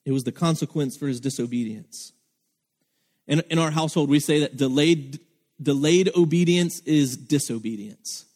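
A man's voice: on the high side, moderate pace, darkish tone, big-room sound. A man preaching a sermon as pastor, earnest and emphatic, acting out the lines of the people he quotes.

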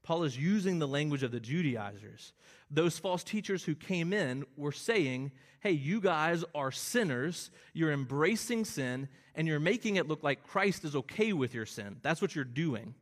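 A male pastor preaching a Bible sermon in a fairly high voice. He explains the text earnestly and climbs to emphatic, drawn-out peaks on key lines. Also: animated.

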